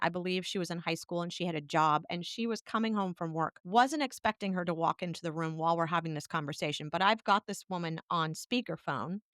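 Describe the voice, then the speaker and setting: A podcast co-host shares a personal story, candid and animated throughout. Her smooth, clear voice sits at a middle pitch and sounds dry, with no room sound at all.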